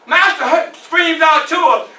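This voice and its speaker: A male reenactor playing a formerly enslaved man who recounts his youth in an animated one-man stage show, shouting at tense moments, in a library room. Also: extremely high pitch, a little slow, exaggerated voice. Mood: intense. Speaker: historical reenactor. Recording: roomy library room, mic far off.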